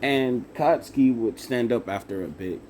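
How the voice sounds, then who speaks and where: A young man improvising a fan-fiction story out loud, halting with fillers and self-corrections. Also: medium pitch, a little hiss or hum.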